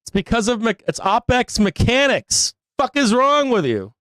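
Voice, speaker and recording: A man's voice: very high-pitched, sing-song, moderate pace, a bit bright, no echo, rough recording. Guy hosting a live trading show, going off at his chat, cussing and laughing, dry mic. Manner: profane, laughing, exasperated ranting. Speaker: stock market show host. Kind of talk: live-stream rant.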